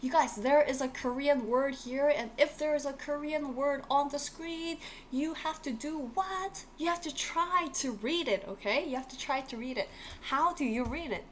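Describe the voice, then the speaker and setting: A woman's voice: high-pitched, normal speed, slight background noise. Encouraging woman teaching a live lesson. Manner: encouraging, repeats key words, reads viewer comments. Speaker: Korean language teacher. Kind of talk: live-streamed online lesson.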